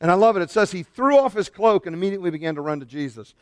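A middle-aged man, a pastor, preaching a lively sermon and shouting out the lines he quotes. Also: high voice, rapid-fire, clean tone, dry recording, clean studio sound.

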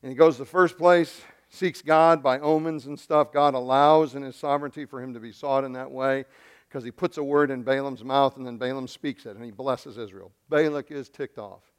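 A man preaching a sermon, retelling a scripture story with lively acting and humorous asides. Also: mid-range voice, normal speed, smooth. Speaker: pastor.

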